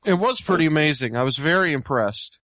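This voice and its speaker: A man co-hosting a casual talk show, chiming in with quick asides. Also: on the high side, lively intonation, fairly bright tone, no echo, poor audio. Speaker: co-host. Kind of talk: casual podcast chat.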